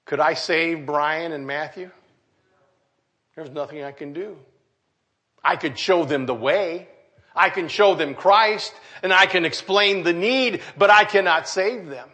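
A man's voice: sits high, a little slow, bright, forceful tone. An older man, a pastor, preaching a folksy sermon with jokes and asides to his congregation.

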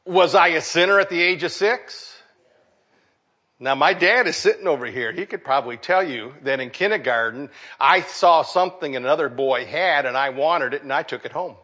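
Middle-aged preacher guy, pretty high voice, acts out the story as he goes. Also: moderate pace, pushed and bright. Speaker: pastor. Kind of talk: sermon.

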